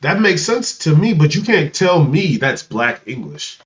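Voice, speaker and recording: A man's voice: a little high, very animated, a little slow. Stammering, incredulous man, lo-fi. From Africa. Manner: stammering restarts, incredulous questions. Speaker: podcast co-host. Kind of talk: casual podcast chat.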